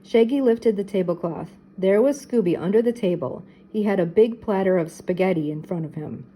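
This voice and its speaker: An older woman reading a children's mystery book aloud, clear and expressive. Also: medium pitch, moderate pace, poor audio. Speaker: storybook reader. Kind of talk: children's storybook read-aloud.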